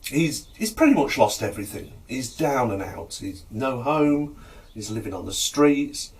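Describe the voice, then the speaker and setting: A man's voice: medium pitch, a little slow, distant mic. A man, chattily telling jokes to camera in a casual, storytelling way. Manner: chatty, lively, chuckles at own jokes.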